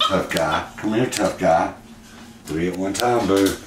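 A man's voice: sits low, measured pace. A man talking affectionately to his pet at home, laughing often. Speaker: pet owner and channel host. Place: indoors at home. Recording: echoey room with background noise.

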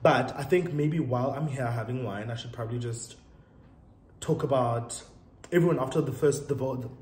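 A man's voice: medium pitch, moderate pace, a little mellow. Chatty South African man, roomy echo. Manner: chatty, code-switching, laughs often. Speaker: vlogger. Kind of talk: casual story-time vlog while getting ready. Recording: roomy echo, faint room noise.

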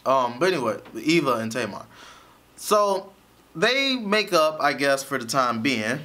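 A man's voice: mid-range voice, big pitch swings, unhurried, bright, forceful tone. A man giving a casual, chatty recap of a TV episode, often laughing as he tells it. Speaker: show reviewer.

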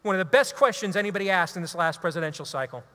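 A man, a radio talk show host, giving an impassioned, preachy talk to a live audience. He is emphatic and builds to loud exhortations. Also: sits high, animated, racing. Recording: long hall reverb.

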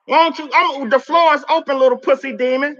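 A man's voice: very high voice, fairly even intonation, a little fast, fairly bright tone. A man on a live stream cursing and taunting at a spirit, confrontational and profane, often repeating words as he gets worked up, heard through a phone mic. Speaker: livestreamer addressing a spirit. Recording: dull lo-fi stream audio.

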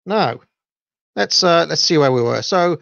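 A Welsh podcast host chats casually on his own livestream, rambling along with lots of fillers and self-deprecating asides. His voice is a little high, animated, and slightly bright, with vocal fry and a somewhat slow pace. The recording is muffled but has no echo.

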